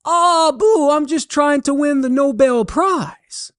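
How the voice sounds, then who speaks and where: Simple cajun fellow, hollers high from a field, folksy dialect, as a man puts him on. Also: takes it slowly, fairly bright tone, exaggerated voice. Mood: hollering.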